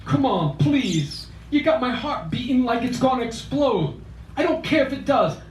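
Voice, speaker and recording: A man's voice: very high-pitched, lively intonation, normal speed, slight background noise, pitched above the performer's own voice. Pushy, begging South Philly guy, late twenties, drunk and married, as a man reads him aloud, raised voice, distant roomy mic. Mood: pleading. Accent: South Philadelphia.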